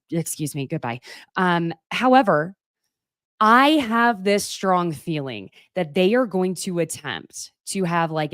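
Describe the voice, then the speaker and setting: A woman's voice: low-pitched, dry recording, studio quality. A woman in her thirties hosting a casual live gossip chat, chatty and fond of pet names and self-mocking asides. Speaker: host of a gossip show.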